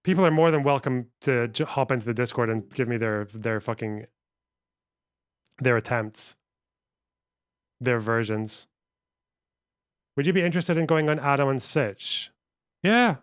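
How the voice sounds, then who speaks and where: Male streamer, mid pitch, crisp voice, loose profane chat to viewers. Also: unhurried, pauses often, dry recording, clean studio sound. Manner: profane, rambling, reacting to chat. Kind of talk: casual live-stream chat.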